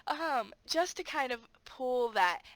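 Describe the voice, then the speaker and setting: In a casual advice vlog, a woman who teaches English online chats about her lessons at a moderate pace in a mid-range voice. The recording is rough with no room sound, and she's animated and friendly, full of fillers and sound effects as she reenacts class scenes.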